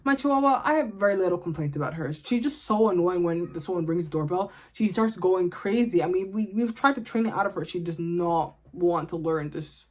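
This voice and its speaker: A woman's voice: lowish voice, animated, a little fast, few pauses, a little mellow. A woman, ranting bluntly and comically to camera in a casual vlog. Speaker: vlogger.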